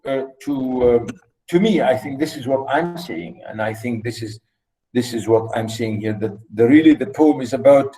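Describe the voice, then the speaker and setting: A man giving a classroom poetry lecture, halting with many fillers and restarts, counting syllables and rhymes aloud. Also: a little high, darkish tone, rough recording. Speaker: literature lecturer. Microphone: recorded lecture.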